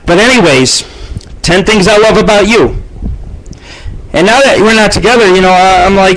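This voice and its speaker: Crude middle-aged guy ranting on his radio show, voice on the high side, lots of swearing and bragging. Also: normal speed, pauses often, fairly bright tone, poor audio. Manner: profane, boastful, rambling, shifts pitch for jokes. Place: abandoned house.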